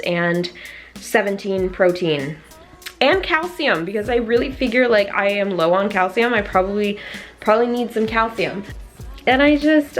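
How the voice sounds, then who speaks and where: A young woman chatting casually in a fitness vlog, bubbly and excited, her voice jumping up in delight. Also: mid-range voice. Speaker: fitness vlogger.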